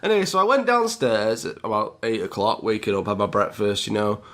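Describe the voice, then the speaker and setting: A man's voice: on the low side, sing-song, brisk, fairly bright tone. A man with a British accent telling a story to his viewers in a chatty vlog style, often calling them guys. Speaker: YouTuber.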